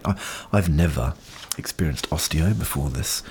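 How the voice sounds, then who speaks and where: Very deep-voiced earnest New Zealand man. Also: animated, normal speed, a little mellow. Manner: earnest, encouraging, heartfelt. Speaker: podcast host sharing personal experience. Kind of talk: reflective personal monologue. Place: outdoors in wind. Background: faint wind.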